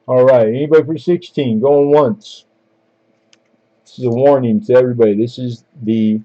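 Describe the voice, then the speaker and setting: A man's voice: mid-range voice, mellow, dull audio. Laid-back man calling a coin auction. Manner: casual, joking, chatty between bids. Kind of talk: live-stream auction calling.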